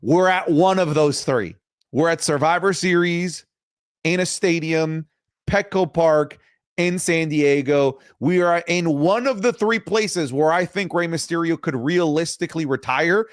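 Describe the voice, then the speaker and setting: A man co-hosting a casual wrestling chat, making confident, animated predictions and mocking impressions, swearing freely. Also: a little high, a little slow, no echo, clean studio sound. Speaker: co-host and wrestling commentator.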